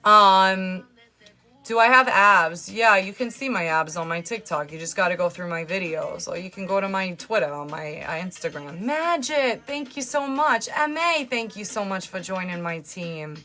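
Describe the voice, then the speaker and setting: A woman's voice: medium pitch, normal speed. Sarcastic New woman livestreaming. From New York. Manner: sarcastic, teasing, loud and lively. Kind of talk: casual live-stream chat, reading comments.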